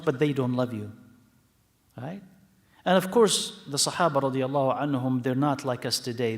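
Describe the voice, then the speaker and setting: A man's voice: mid-range voice, in a large hall. A man teaching a religious lesson to a live audience, explaining the text with repeated points, rhetorical checks and brief Arabic phrases. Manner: mixes in short Arabic phrases and blessings. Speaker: lecturer teaching hadith. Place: mosque hall.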